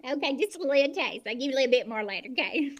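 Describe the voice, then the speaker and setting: A woman's voice: sits high, expressive, very fast, muffled recording. A woman doing a folksy farm widow. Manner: folksy, rambling, hesitant. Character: lonely rural farm widow living with her animals. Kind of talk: improv comedy character. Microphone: video call.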